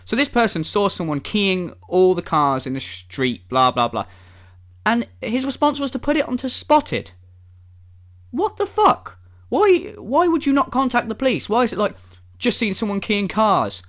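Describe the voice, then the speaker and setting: Animated, sweary vlogger ranting. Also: male voice, very high-pitched, normal speed. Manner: sarcastic, sweary, exasperated. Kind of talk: ranting commentary vlog.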